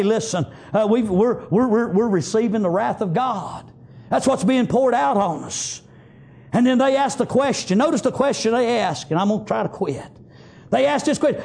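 A man preaching a fiery sermon in a church, punctuating it with shouted amens. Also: very high-pitched. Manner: emphatic, shouting refrains, frequent amens. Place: church sanctuary.

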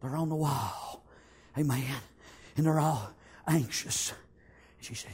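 A man preaching a sermon, acting out the story, shouting some lines and whispering others. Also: a little high, moderate pace, pauses often, breathy edge.

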